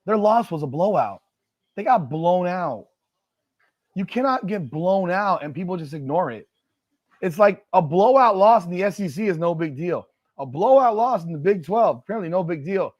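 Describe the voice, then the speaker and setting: A high-pitched man speaks at normal speed in a recording with no room sound and the highs cut off. He's hosting a sports live stream as a football watch party, excitably reacting to plays, shouting at them, repeating himself, and ranting about rankings.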